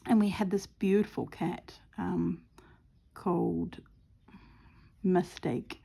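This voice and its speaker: A woman's voice: on the low side, steady tone, slow, gravelly, dark tone, slightly rough. A middle-aged woman chatting casually at home while stitching, telling a rambling story with lots of ums. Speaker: craft vlogger.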